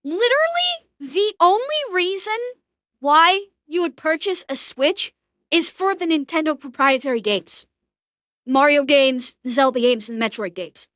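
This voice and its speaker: A young woman with a very high, bright voice rants bluntly and profanely as she reacts live on stream. Her voice is close and dry, with no room sound around it. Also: sing-song, no room sound. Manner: blunt, profane, fast ranting.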